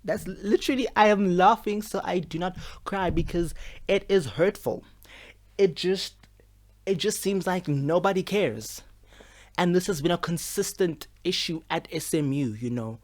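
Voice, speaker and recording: Young man in his twenties, casual to-camera vlog at home, expressive and frustrated, lots of fillers. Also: high-pitched, unhurried. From South Africa. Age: 20s. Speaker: medical student vlogger. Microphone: camera with a mic.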